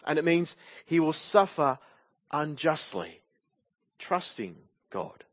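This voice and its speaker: A man's voice: on the high side, very animated, takes it slowly, no room sound, dull audio. Man preaching with rhetorical tag questions. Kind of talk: sermon.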